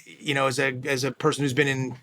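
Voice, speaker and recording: A man in his fifties speaking candidly as a podcast guest, with halting starts and frequent restarts. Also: medium pitch, flat delivery, pushed and bright. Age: 50s. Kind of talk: candid conversational interview.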